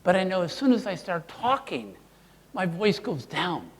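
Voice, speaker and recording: A man presenting a live workshop, playful and animated, quizzing the audience as he teaches. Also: high voice, unhurried, big-room sound. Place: seminar room with an audience.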